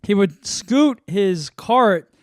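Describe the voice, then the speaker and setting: A man telling a story on a podcast, his voice high and swinging widely in pitch. He laughs often as he talks. The sound is close and dry. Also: lively intonation, extremely slow, a little mellow, no room sound. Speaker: podcast co-host. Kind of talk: casual chat.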